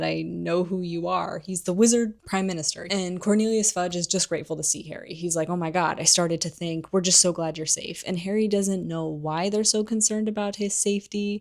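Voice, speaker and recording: A woman's voice: on the low side, darkish tone. A young woman casually retelling a book's plot, chatting along and briefly acting out the characters' lines. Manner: chatty, acts out characters' lines in quick asides. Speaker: book commentary host.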